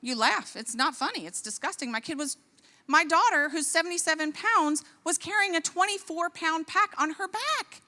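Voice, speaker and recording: A woman in her forties, a physician, giving an impassioned talk at a church, indignant and animated, her voice rising to exclamations. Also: very high voice, moderate pace. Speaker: physician speaker. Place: large church hall. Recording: long hall reverb.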